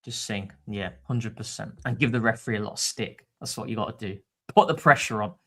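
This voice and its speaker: A man co-hosting a live football fan stream, chatting casually and excitably, laughing often. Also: lowish voice, fairly quick. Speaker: co-host of a football fan show.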